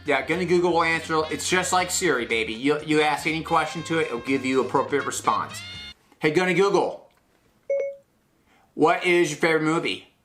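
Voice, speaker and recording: A young man hosting a comedy segment, sarcastic and excitable, swinging from loud to soft in a small studio. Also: a little high, normal speed, music in the background. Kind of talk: comedic rant. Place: small studio with blue sheet backdrop.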